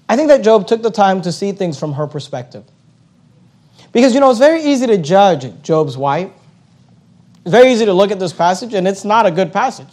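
A male preacher giving a sermon, emphatic and repetitive, his voice climbing to loud high peaks.

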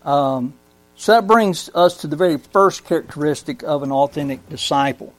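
Guy teaching a bible lesson, kinda high voice, chatty, asks the room stuff, dry close sound. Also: dry recording. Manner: conversational, asks the room questions, reads scripture slowly. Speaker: pastor teaching a Bible study. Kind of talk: sermon-style Bible teaching.

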